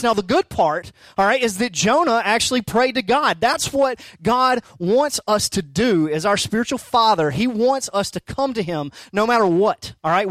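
High-voiced conversational male preacher. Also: a bit bright, no echo. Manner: conversational, emphatic, rhetorical questions. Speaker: pastor. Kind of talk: sermon.

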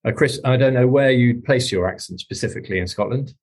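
A man with a received pronunciation English accent hosting a work podcast, speaking in a measured way with frequent ums and restarts. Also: medium pitch. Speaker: podcast host, employment lawyer. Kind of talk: hosted podcast discussion.

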